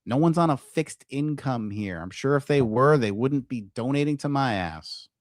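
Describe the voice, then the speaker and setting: A man's voice: mid-range voice, expressive, normal speed, dry recording, studio quality. A man hosting a livestream commentary show, ranting profanely and combatively at viewers in his chat.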